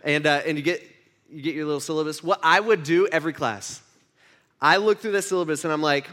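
A man's voice: a little high, fairly quick, a bit bright. A man giving a casual, chatty sermon, telling a story and checking in with his audience. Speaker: pastor.

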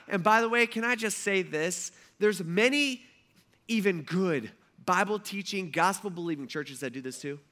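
Bright-voiced storytelling preacher. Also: male voice, sits high, normal speed. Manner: storytelling, conversational and animated. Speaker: pastor. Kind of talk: sermon.

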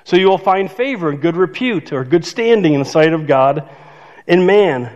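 A man's voice: on the high side, expressive, normal speed, a little mellow. An older man preaching a sermon as pastor, conversational and self-joking, laughing at his own remarks. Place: church sanctuary. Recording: dull reverberant church hall.

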